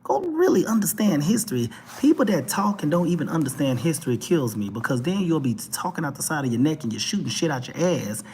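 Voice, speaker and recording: A man's voice: on the high side, big pitch swings, brisk, few pauses, darkish tone, breathy edge. A man with a Texas twang hosting a talk show, giving a blunt, emphatic and profane ranting monologue that keeps hammering the same points. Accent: Texan twang.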